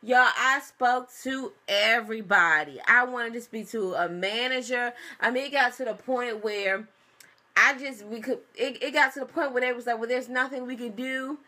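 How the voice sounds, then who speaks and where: A young adult woman telling viewers a story in a casual, animated vlog, calling them y'all. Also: a little high, normal speed. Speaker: vlogger. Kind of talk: casual pregnancy update vlog.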